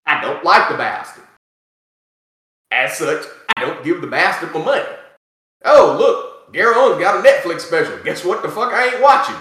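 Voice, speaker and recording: Animated, high-pitched ranting man. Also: moderate pace. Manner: profane, animated ranting with mocking asides. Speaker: podcast co-host. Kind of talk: casual chat. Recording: echoey room.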